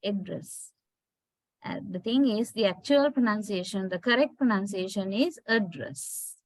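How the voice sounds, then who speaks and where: A woman's voice: medium pitch, fairly quick, no echo. A woman teaching English pronunciation in a lecture, patiently spelling out words and often checking in with her students. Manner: patient, checks understanding with "right?". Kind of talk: slow classroom lecture.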